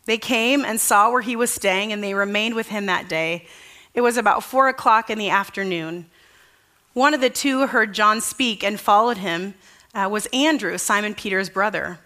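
A woman's voice: medium pitch, pushed and bright. A woman pastor giving a conversational sermon at a church service, earnest and casual, asking the congregation questions.

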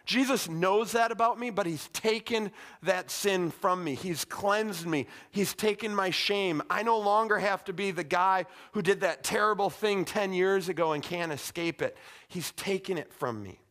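A middle-aged man preaching a sermon in a conversational, animated way, with casual asides. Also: high voice, normal speed. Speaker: pastor.

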